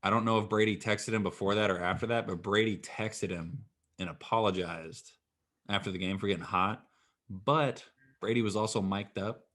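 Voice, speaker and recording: Deep-voiced man hosting a casual chat. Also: moderate pace. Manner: relaxed, swears freely, laughs often. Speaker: podcast host.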